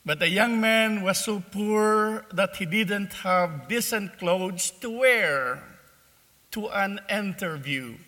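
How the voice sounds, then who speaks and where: Speaking at a very slow, measured pace, a male preacher recounts a parable during a sermon in a high, strikingly bright voice. He tells it deliberately, and his words echo with a long reverb through a large church.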